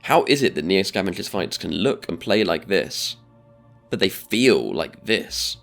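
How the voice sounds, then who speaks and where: Man narrating a video essay, low voice, gravelly edge, measured delivery, faint music underneath. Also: sing-song, a bit bright. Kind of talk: scripted narration.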